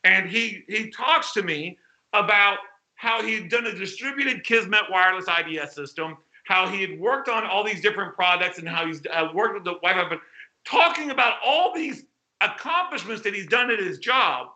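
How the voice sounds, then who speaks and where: A man delivers a fired-up keynote in a conference hall, blunt and exclamatory, slipping into acted-out quotes. His voice sits high and sounds very bright and sharp. The hall gives it a roomy echo. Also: expressive, normal speed. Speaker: keynote speaker at a hacking conference.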